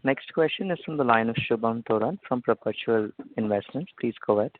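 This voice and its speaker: A man's voice: mid-range voice, brisk, slight background noise. A man moderating a conference call, polite and formulaic. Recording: dry tinny phone line.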